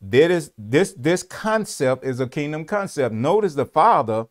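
A man's voice: fairly high pitch, sing-song, a little slow. A man teaching in a sermon style. He quotes scripture, asks his listeners questions and answers them himself, and repeats key words for emphasis.

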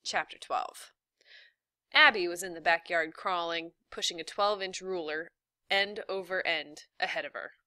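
A woman reading a novel aloud in a steady, even narration. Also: lowish voice, measured pace, no echo, studio quality. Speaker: reader.

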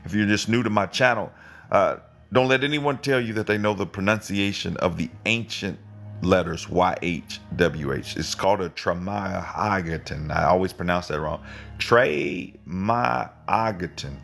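A middle-aged man hosting his own channel, giving an informal live Bible teaching in a rambling, repetitive way with emphatic jumps in pitch. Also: normal speed, gravelly, fairly bright tone, soft background music. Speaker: online channel host.

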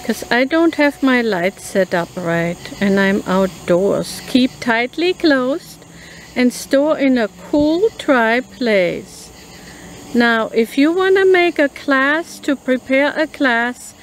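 A woman talks through a food review in a slow, unhurried, chatty way, sounding out label text carefully. Her voice sits a little high for a woman. She is recorded outdoors on a phone, with crickets and insects faintly heard behind her. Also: slight background noise, rough recording. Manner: chatty, reads labels aloud slowly. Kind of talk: casual product review vlog. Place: outdoors in a rural yard at night.

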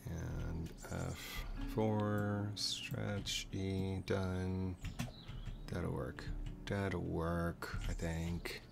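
Low-pitched gravelly male streamer, unhurried talk to himself and chat, music playing underneath. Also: little pitch movement. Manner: rambling, talks to himself while building, squeals greetings to viewers. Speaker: gaming streamer. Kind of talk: casual gameplay chat. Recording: clear background music under voice. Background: background music.

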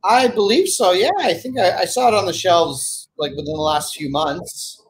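A man's voice: high voice, moderate pace. A man co-hosting a podcast, chatting in a wry, offhand way. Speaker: podcast co-host. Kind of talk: casual chat.

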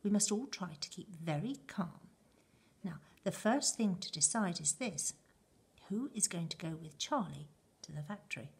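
Woman reading a sensible storybook mother; quiet, soothing, husky. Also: lowish voice, expressive, normal speed, full character voice. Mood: calming.

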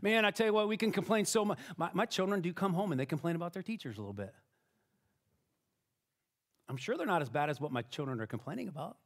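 A man's voice: high-pitched, lively intonation, fast talker, pauses often. A middle-aged man preaching a sermon as pastor, conversational and self-deprecating, often checking in with "right?" and restarting his sentences.

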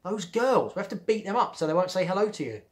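A bossy, blustering schoolboy who pretends to be tough, pitched well above a grown man's speaking voice, as a man reading a storybook puts him on. He barks his orders and gets loud when he is crossed. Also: very animated, quick pace. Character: bossy brash boy who acts tough.

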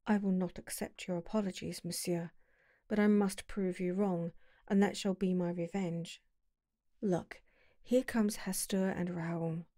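A woman reading the part of a mysterious young noblewoman falconer, speaking softly and slowly, at times near a whisper. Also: on the low side, steady tone, dry recording, studio quality, natural voice. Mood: gently dignified. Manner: soft, slow and dreamy, sometimes whispering.

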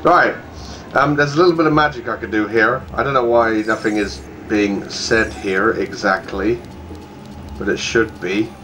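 A man giving casual, playful let's-play commentary, chatty and quick to laugh. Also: lowish voice, fairly even intonation, fairly bright tone, a little hiss or hum, low-quality recording. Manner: chatty, playful, laughs often and puts on silly voices.

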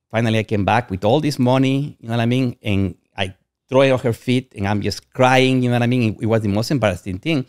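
A man's voice: medium pitch, fast, a little mellow, no echo, clean studio sound. A man from Guatemala, a podcast guest telling personal stories in a rambling way and often saying "you know what I mean". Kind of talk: candid personal storytelling.

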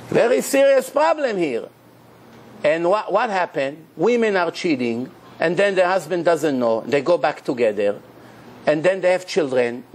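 A man's voice: high-pitched, darkish tone. A man who is a rabbi, giving an emphatic sermon full of rhetorical questions, in loose, non-standard English grammar.

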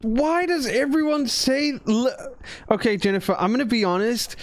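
Excitable high-voiced male streamer. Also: normal speed, dry recording. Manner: excitable, rambling, crude. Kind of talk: live-stream chat.

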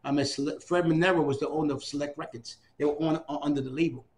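An older man from New York City, a fast talker with a voice on the high side, tells stories in an oral history interview. He's animated, acting out the voices of the people he quotes.

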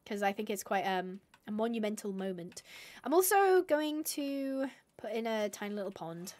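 A young woman live-streaming a game in casual chatter, reading chat aloud and breaking into excited squeals. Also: mid-range voice, moderate pace, slight background noise.

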